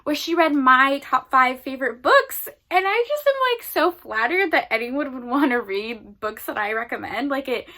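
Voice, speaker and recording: A woman's voice: high voice, expressive, moderate pace, hardly any pauses, sharp tone. A young woman book vlogger talking in a rambling, casual way, with lots of fillers, emotional and close to tears at times. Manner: rambling, filler-heavy, 'like' often. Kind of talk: casual vlog chat.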